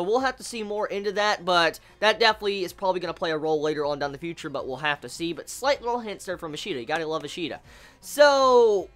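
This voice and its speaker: A manga vlogger giving a casual review, excitable and rambling, who swears freely and exclaims in disbelief. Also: medium pitch. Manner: rambling with restarts.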